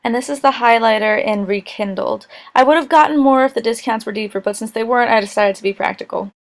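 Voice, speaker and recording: A woman's voice: on the high side, fast. A young woman chatting casually to camera in a beauty vlog, candid and a little tired, with plenty of fillers. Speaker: beauty vlogger.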